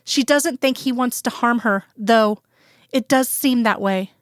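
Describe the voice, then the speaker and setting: A woman reading a fanfiction story aloud in calm, plain storytelling narration. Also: a little high, unhurried, no echo, studio quality. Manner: calm storytelling, plain voices for quoted characters. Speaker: fanfiction reader. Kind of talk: scripted narration.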